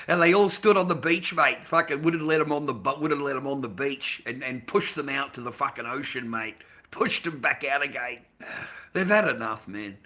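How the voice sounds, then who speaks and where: An Australian man rants on a livestream in a rambling, swear-heavy way, swinging between muttering and loud bursts. His voice is very bright and cutting, set a little above the usual male pitch. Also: moderate pace. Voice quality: profane, rambling, with swinging loudness. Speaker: livestreamer reading chat. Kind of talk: casual ranting monologue.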